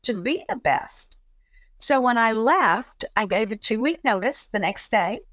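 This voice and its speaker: A middle-aged woman talking in a relaxed chat, telling a personal story and acting out the voices of people in it. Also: on the high side, measured pace, dry recording. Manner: animated, acts out quoted dialogue. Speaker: guest.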